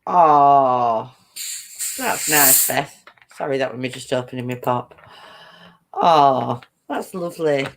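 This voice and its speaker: A woman's voice: extremely low pitch, takes it slowly, pauses often. A woman hosting a casual live-stream chat, giggling often and greeting viewers as she reads their comments.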